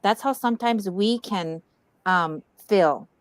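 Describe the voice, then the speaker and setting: A woman speaks earnestly and warmly personal about her own self-care, urging listeners to look after themselves. Her voice is smooth and clear. The sound is dry and close. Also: mid-range voice, slow, no room sound. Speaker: wellness event co-host. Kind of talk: heartfelt community talk.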